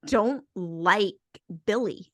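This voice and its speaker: A woman's voice: medium pitch, very slow, no room sound. A tipsy woman co-hosting a casual movie review, blunt and opinionated. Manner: blunt and opinionated, laughs easily. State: tipsy from drinking. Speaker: podcast co-host.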